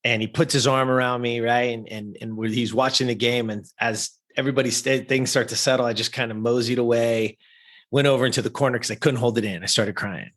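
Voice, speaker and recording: A man's voice: mid-range voice, fairly even intonation, a little fast, a bit bright. A man, a podcast guest, telling an emotional personal story and addressing listeners directly.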